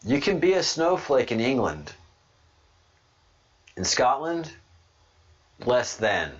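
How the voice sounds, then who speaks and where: A man from Ireland hosting a podcast, talking casually in an animated, rambling way and laughing often. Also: mid-range voice, takes it slowly. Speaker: podcast host. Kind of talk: casual monologue. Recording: dull lo-fi recording.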